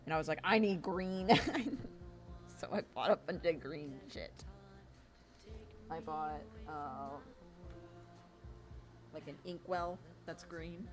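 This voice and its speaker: A woman's voice: sits low, slow pace, long pauses. A woman streamer chatting casually while she draws, ranting with lots of swearing and acting out imagined arguments. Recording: music playing behind. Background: music.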